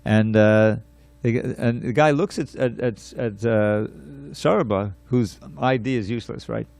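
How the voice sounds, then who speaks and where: With a gravelly, mid-range voice and a measured pace, a man leading a scripture class tells a story in an animated way, repeating words and restarting what he says.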